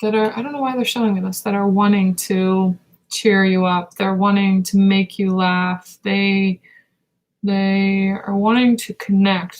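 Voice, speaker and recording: Flat, gravelly-voiced woman giving a spiritual reading. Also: mid-range voice, rough recording. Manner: slow, meditative, halting with pauses and fillers. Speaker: intuitive reader. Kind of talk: live-streamed spiritual reading.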